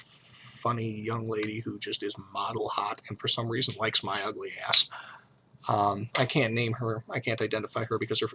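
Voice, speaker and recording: Blunt, bright-voiced middle-aged man. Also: lowish voice, vocal fry, slight background noise. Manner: blunt, profane, earnest and emotional. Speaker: vlogger. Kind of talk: frank personal vlog talk.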